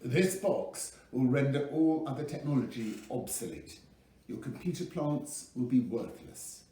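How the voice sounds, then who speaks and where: A man's voice: medium pitch, expressive, unhurried, mellow, pitched above the performer's own voice, natural voice. A man voicing a precise, self-assured teenage boy genius who talks formally. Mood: confident. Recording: echoey room, mic at a distance.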